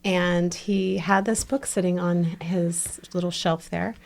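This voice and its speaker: A woman's voice: fairly low pitch, steady tone, takes it slowly, gravelly, a little mellow. A woman hosting a podcast in casual chat, effusive and chatty, often restarting her sentences. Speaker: podcast host.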